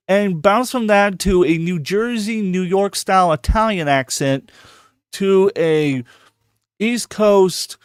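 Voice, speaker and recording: A man hosting a loose, profane podcast chat, talking in a fairly high voice that jumps up when he gets worked up. He repeats words as he rushes to make a point. The recording is dry and close. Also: clear, resonant tone, no room sound. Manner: excitable, swears a lot, repeats words. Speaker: podcast host.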